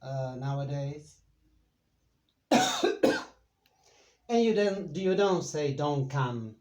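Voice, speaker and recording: A man with an Argentine accent teaching a Spanish lesson in English, explaining step by step with many pauses and fillers. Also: fairly high pitch, lively intonation, a little mellow, lo-fi sound. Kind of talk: slow bilingual language lesson.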